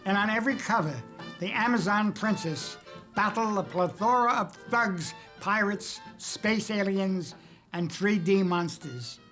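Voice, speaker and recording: In a documentary interview, an older cartoonist from the US spins wry stories about his working life, punctuated by dry jokes. He talks a little slowly in a high, fairly bright voice, with soft music underneath.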